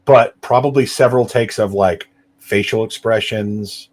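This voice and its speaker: A man's voice: lowish voice, a little slow, darkish tone. A man co-hosting a casual podcast who banters in an enthusiastic, jokey way. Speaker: podcast co-host.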